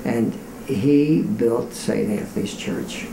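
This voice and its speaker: Gravelly mellow guy talking history, echoey room sound. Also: medium pitch, slow pace, noisy background. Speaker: interviewee. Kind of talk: recounting history in an interview.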